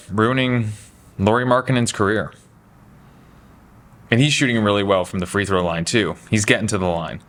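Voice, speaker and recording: A man giving casual, opinionated basketball talk, chatty and animated, slipping into mocking voices for quotes. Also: lowish voice. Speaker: basketball commentary host.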